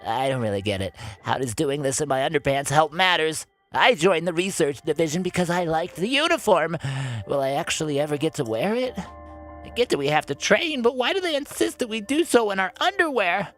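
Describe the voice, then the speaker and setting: A man's voice: a little high, lively intonation, brisk, a bit bright, soft background music, voice pushed up. Guy putting on a whiny confused young recruit, game character griping away, voice jumping up and down a lot. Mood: grumbling. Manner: puzzled, whiny complaining.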